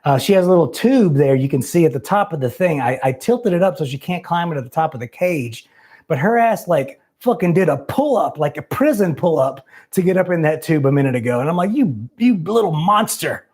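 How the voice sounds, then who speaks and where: A man's voice: on the high side, animated, fairly quick, darkish tone. Rambling self-mocking male call-in host. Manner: rambling, self-deprecating, loose and profane. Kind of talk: live call-in show chat.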